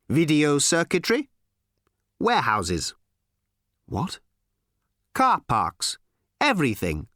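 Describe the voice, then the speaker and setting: A man voicing thin, greenish alien visitors who speak slowly, flatly and earnestly. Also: a little high, no room sound, studio quality, pitched above the performer's own voice, heavily acted.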